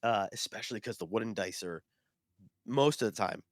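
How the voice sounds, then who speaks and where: A man co-hosting a podcast, telling stories in a rambling, animated way with lots of fillers. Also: on the low side, a little fast, no echo, studio quality. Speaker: podcast co-host. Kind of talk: casual chat.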